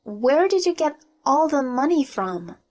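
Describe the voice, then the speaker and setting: A woman's voice: sits high, very animated, unhurried, a little mellow, soft background music, voice pushed up. A woman voicing a pushy, anxious young pregnant woman in a narrated story. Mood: indignant.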